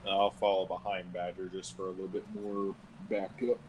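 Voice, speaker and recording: A man's voice: deep voice, level tone, moderate pace, slight background noise, rough recording. A man playing a tabletop game, joking and laughing often. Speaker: player. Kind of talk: casual tabletop game chat.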